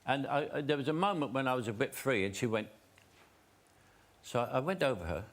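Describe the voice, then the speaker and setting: A man's voice: medium pitch, lively intonation, a little fast. An older man, a talk show guest telling funny stories with dry punchlines and easy chuckles. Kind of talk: anecdotal storytelling. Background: audience laughter.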